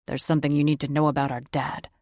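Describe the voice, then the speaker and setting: A woman's voice: low-pitched, level tone, quick pace, mellow, no echo, clean studio sound, voice pushed down, lightly acted. A woman voicing an earnest young male wolf shifter in his mid-twenties, urgent and apologetic. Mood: pleading.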